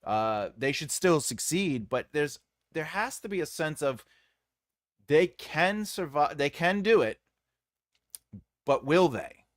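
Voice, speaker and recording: Animated man giving writing advice. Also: a little high, slow pace, long pauses, no echo, clean studio sound. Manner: animated, jokey, trails off into mumbles. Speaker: writing coach and livestream host. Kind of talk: casual livestream teaching on writing.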